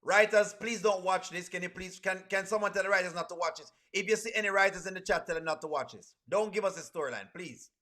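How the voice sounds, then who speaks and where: A man talks to his stream chat as he reacts to a video. His voice sits high and sounds bright and forceful. He is animated and repeats his exclamations over and over. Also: fast, few pauses.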